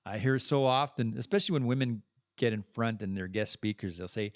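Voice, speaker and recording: A French-speaking man hosts a podcast, giving a blunt, candid personal monologue and swearing freely. His voice is on the low side and a little fast. The studio-quality recording has no room sound.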